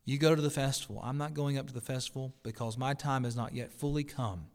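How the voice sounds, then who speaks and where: A man's voice: mid-range voice, fairly even intonation, fast, darkish tone, close to an everyday voice. Brief: firm, solemn teacher, read by a male pastor in a mid-range voice.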